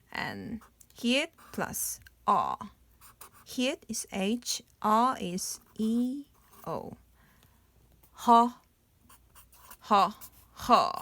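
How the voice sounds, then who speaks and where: A woman's voice: medium pitch, fairly bright tone, dry recording. A young woman from South Korea with a Korean accent, patiently explaining a beginner language lesson and sounding out playful laughing words. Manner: slow, patient explaining with sing-song demonstrations of laughter sounds.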